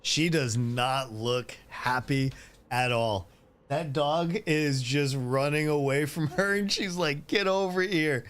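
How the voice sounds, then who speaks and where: A man's voice: mid-range voice, slow pace, a bit bright. A man streaming a game, chatting casually in a rambling way that keeps breaking off and often turns into laughter. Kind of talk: casual live-stream chat.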